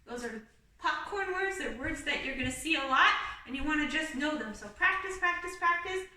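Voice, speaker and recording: A young woman with a high, very bright voice leads a kindergarten lesson in a patient, sing-song teacherly way. She sounds set back from the mic, and the room around her rings with strong echo. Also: animated, moderate pace. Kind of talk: video lesson for young children. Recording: echoey room, mic at a distance.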